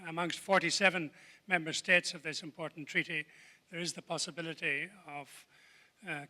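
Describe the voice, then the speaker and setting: A man making a measured, hesitant comment from the audience at a conference. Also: fairly high pitch, sharp tone, in a large hall. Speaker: audience member, court lawyer. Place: large conference hall.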